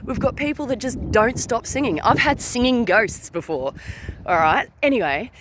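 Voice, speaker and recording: A woman who works as a spirit channeler, chatting casually to viewers, laughing often, dropping many fillers and "all right?" tags, and climbing high in pitch as she tells a story. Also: normal speed, a little hiss or hum. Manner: animated, rising high when telling a story.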